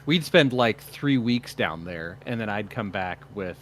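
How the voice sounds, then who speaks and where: A man from the American Midwest co-hosting a casual podcast. His voice sits low, and he talks in a measured, halting way, often restarting his sentences. A faint hiss stays under the recording. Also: lively intonation, a bit bright. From Indiana, US Midwest. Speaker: podcast co-host. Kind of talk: casual chat.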